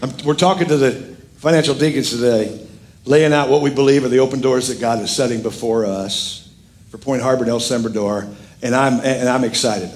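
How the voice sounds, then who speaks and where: A man's voice: mid-range voice, slight background noise. A middle-aged male pastor preaching a sermon, telling a story with jokes and acting out the other people's lines. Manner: animated, jokey storytelling with quoted voices.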